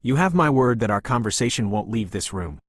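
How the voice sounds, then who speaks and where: Gracious elegant woman, read by a man, warm, polite, welcoming, dry close audiobook sound. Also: medium pitch, animated, fairly quick, dry recording, natural voice.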